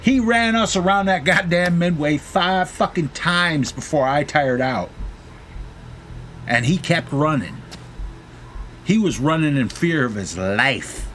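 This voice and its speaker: A man's voice: medium pitch, a little hiss or hum. A middle-aged man, a gaming streamer, casually telling a profane story while he plays, acting out the people in it. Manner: profane, animated storytelling, shouts quoted lines.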